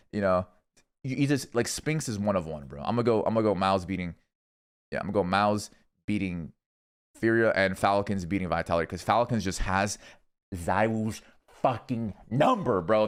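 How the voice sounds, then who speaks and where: A young man streaming, casually rambling through esports predictions with lots of swearing and thinking out loud. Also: on the low side, smooth. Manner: rambling, profane, thinking aloud.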